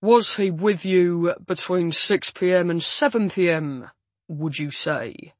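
A woman voicing a blunt male police officer who questions in a flat, heavy manner. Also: fairly low pitch, slow, dry recording.

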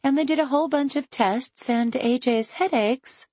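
A chirpy young mother bursting with happy news, as a woman reading an audiobook puts her on. Her voice sits high and lifts brightly. It is recorded close and dry. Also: moderate pace, no echo. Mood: bubbly. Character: cheerful young mother sharing good news.

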